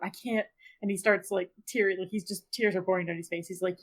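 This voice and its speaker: A woman's voice: medium pitch, fairly even intonation, a little fast. A woman playing a tabletop game casually, describing her actions and laughing often. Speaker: player.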